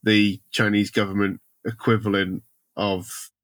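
A man's voice: on the low side, level tone, a little slow, a bit bright, dry recording. A man hosting a comedy film podcast, asking dry, wry questions. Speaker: podcast host.

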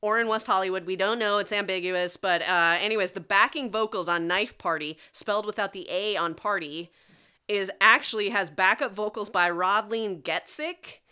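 A woman's voice: mid-range voice, moderate pace, pushed and bright, clear, resonant tone. A woman guesting on a podcast, chatting enthusiastically and sharing trivia she dug up. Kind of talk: casual podcast chat.

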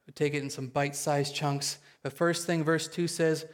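A pastor delivers a sermon to his congregation, speaking quickly and excitably and frequently checking in with them. His voice sits fairly high.

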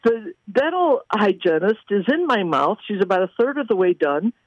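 A woman minister, a guest, telling faith testimonies in an animated way and acting out the people she quotes. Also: medium pitch, moderate pace, dry recording, dull audio. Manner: animated, acts out quoted voices. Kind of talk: testimony storytelling.

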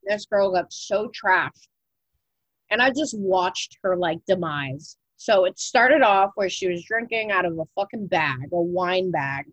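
A woman's voice: lowish voice, lively intonation, measured pace, fairly bright tone, dry recording, poor audio. A young woman co-hosting a podcast in casual chat, talking loosely with lots of "like" fillers and casual swearing. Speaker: podcast co-host.

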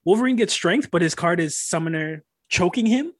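A man co-hosting a casual podcast about comics, talking excitedly and with plenty of swearing. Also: high voice, normal speed, dry recording, studio quality. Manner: excitable, profane, acts out characters' reactions. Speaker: podcast co-host. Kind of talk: casual comic-book discussion.

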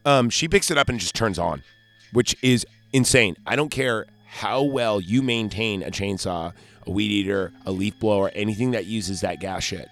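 A man's voice: fairly low pitch, normal speed, a bit bright, soft background music. A man hosting a podcast, recapping a horror movie in a rambling, joking way with lots of fillers. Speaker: podcast host.

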